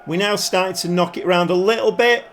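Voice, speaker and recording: A man commentating his football management game like a pundit, breaking into excited outbursts at the goals. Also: high voice, brisk, a little hiss or hum. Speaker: gaming YouTuber.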